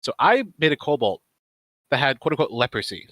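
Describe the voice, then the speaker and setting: Brief: male stream host, bright and forceful tone, dry close sound, rambling storyteller. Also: medium pitch, big pitch swings, brisk, no room sound. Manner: rambling, with many fillers and laughs. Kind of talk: casual storytelling chat.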